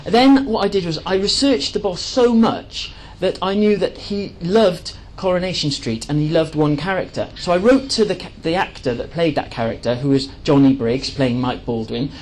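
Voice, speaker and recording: A man's voice: fairly high pitch, moderate pace, few pauses, slight background noise, rough recording. A man giving an enthusiastic presentation to a live audience, chatty and full of fillers and restarts. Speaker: speaker at a live talk.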